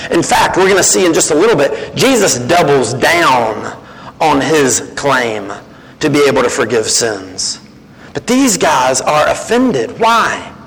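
A man's voice: on the high side, big-room sound, low-quality recording. A man preaching as a guest speaker, acting out the voices he quotes. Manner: animated, acts out quoted voices. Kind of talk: sermon.

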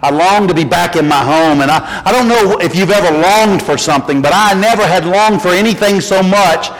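A man's voice: high-pitched, brisk. A middle-aged man from the North Carolina mountains, with a Southern accent, preaching a sermon in a folksy storytelling way. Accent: Southern US, western North Carolina. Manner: folksy storytelling, animated when quoting. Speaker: pastor. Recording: long reverb of a church hall.

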